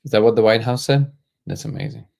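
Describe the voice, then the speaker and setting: A man hosting a casual livestream, answering viewer comments in a relaxed, joking way and thinking aloud as he goes. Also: mid-range voice, fast, gravelly. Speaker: livestream host.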